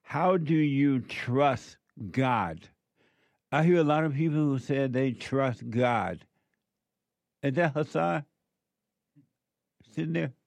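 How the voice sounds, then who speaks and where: A man's voice: mid-range voice, slow pace, gravelly, long pauses, a little mellow, no echo. A man preaching a sermon, emphatic and repetitive as he addresses a live audience.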